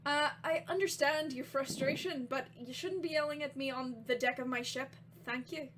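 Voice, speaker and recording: A woman voicing a flustered male ship captain who keeps trying to calm people down. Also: high-pitched, unhurried, slight background noise. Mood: placating. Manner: defensive, smoothing things over.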